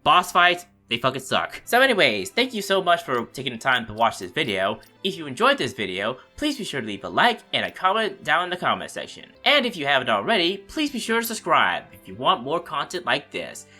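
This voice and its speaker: A man's voice: a little high, wildly swooping pitch, brisk, hardly any pauses, sharp tone, faint music behind. A man commentating his video game playthrough, frustrated and swearing, full of "like, you know" fillers. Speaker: let's play host. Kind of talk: casual gameplay commentary.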